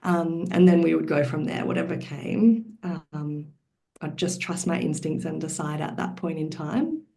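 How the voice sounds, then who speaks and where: Low, gravelly-voiced woman telling her story. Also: measured pace. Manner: lively, expressive retelling with laughs. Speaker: guest, mother of four. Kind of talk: personal storytelling.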